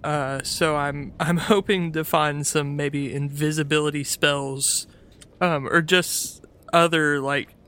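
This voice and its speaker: A man as a player in a tabletop game, speaking haltingly. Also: a little high, fairly even intonation, a bit bright, clear, resonant tone. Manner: hesitant, halting. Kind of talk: tabletop role-play.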